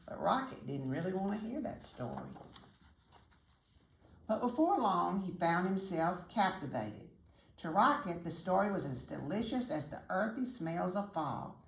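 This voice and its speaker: An older woman, a retired teacher, reading a children's story aloud in a gentle, teacherly way, pausing to ask the listener questions. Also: lowish voice, creaky. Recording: roomy echo.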